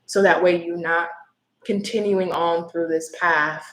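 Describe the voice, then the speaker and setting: A woman's voice: on the low side, steady tone, unhurried, fairly bright tone, echoey room, low-quality recording. A woman giving a live-stream tarot reading, earnest and emotional, with apologetic asides. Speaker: tarot reader.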